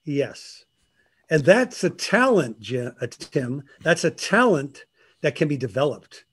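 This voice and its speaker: An older man, a guest on a talk show, telling stories in a lively, animated way and laughing often. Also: on the high side, slow, slightly rough. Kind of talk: casual interview chat.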